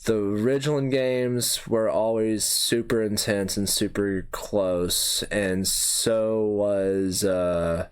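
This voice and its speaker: A man's voice: fairly low pitch, fairly even intonation, slow pace, few pauses, smooth. A male podcast guest chatting casually, speaking in loose slang and swearing freely. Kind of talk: casual chat.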